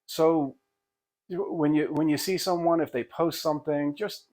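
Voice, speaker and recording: A man's voice: fairly high pitch, fairly even intonation, measured pace, darkish tone. Folksy older man rambling casually. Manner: rambling, folksy, self-deprecating with many restarts. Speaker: pastor and hobby woodworker. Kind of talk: casual talk to camera.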